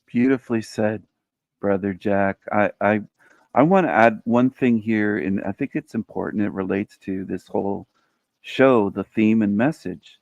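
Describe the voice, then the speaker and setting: A low, gravelly male voice speaks as a guest in a faith conversation, heartfelt and affirming as he tells a story. The audio is dull and lo-fi, like a muffled call, with a dry sound. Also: unhurried, darkish tone, no echo.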